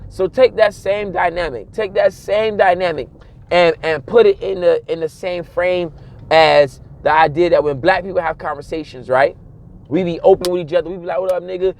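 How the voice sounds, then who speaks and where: A man, giving a casual, animated monologue and mimicking other people's voices along the way. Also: high-pitched. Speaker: commentator.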